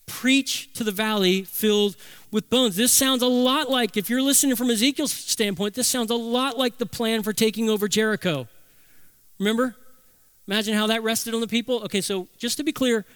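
A man preaching a sermon as pastor, emphatic, slowing down to stress key phrases. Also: extremely high pitch, fairly bright tone, smooth, no echo.

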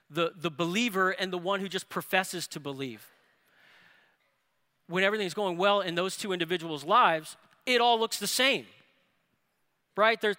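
A man preaching a sermon, telling a family story with rising excitement. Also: high-pitched. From New Orleans area. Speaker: pastor. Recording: reverberant hall.

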